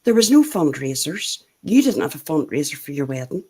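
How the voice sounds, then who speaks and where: Lively Northern Irish woman host. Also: deep voice, fairly quick, husky. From Northern Ireland. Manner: laughs often, chatty and animated. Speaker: show host. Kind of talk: casual group chat.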